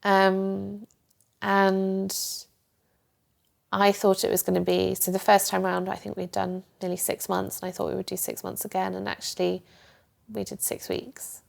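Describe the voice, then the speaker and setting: A woman's voice: medium pitch, monotone, measured pace, gravelly. A young woman, a guest, candidly telling her own story in a reflective, open way. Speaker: guest, journalist and coach. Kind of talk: candid personal interview.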